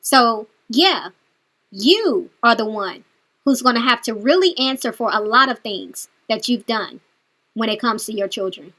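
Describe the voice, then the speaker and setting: High-pitched woman doing reaction commentary, scolding and sarcastic, talking right at the person. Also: lively intonation, measured pace, sharp tone. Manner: scolding, sarcastic, talks straight to the subject. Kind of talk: direct-address commentary.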